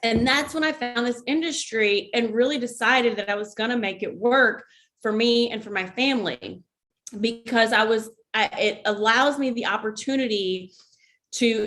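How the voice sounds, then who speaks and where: A woman's voice: fairly high pitch, moderate pace, fairly bright tone. Candid woman veteran vlogging. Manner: candid and conversational, with frequent asides. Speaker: vlog host and army veteran. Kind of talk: casual talk to camera.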